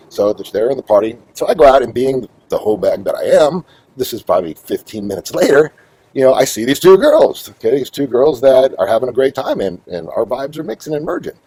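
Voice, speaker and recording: A middle-aged man hosting his own show, telling a long story in a rambling, profane, animated way. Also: mid-range voice, slight background noise, low-quality recording. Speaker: host. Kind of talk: casual storytelling monologue.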